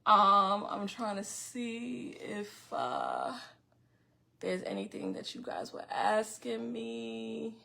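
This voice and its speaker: A middle-aged woman talks straight to her viewers on a casual livestream podcast. Her words come fast and loud, and she often restarts her sentences. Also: mid-range voice, huge pitch swings, vocal fry. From Far Rockaway, Queens, New York. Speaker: podcast host.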